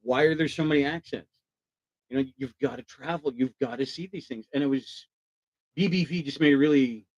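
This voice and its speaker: On his relaxed live show, the host eagerly asks his guest questions, responds to the chat, and performs any quoted lines. His mid-range voice is brisk and a little mellow, the audio muffled and free of room sound.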